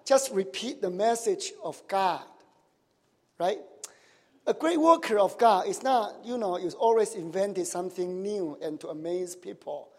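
A man's voice: high-pitched, measured pace. A male pastor preaching to his congregation, asking them questions and tagging sentences with "right?" and "huh?", with nonnative grammar. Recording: long hall reverb.

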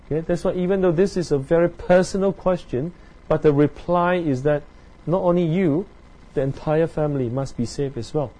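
A preacher with a slightly high, dark-toned voice works through a Bible passage verse by verse, speaking haltingly with many fillers. He keeps checking in with listeners using tag questions, and the recording is rough.

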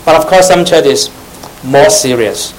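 A man's voice: fairly high pitch, lively intonation, a little slow, a little hiss or hum, rough recording. A man with preaching a sermon to young church members, repeating phrases, questioning the audience and adding teasing asides.

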